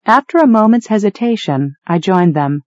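A woman's voice: medium pitch, animated, normal speed, darkish tone, dry recording. Dry, close woman narrating a novel. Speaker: audiobook narrator. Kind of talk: first-person novel narration. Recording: dull, dry studio read.

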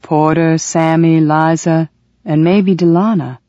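A man's voice: on the high side, steady tone, slow pace, dark tone, no echo, lo-fi sound. A woman doing a blunt head cook, a man. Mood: plain. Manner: blunt, commanding.

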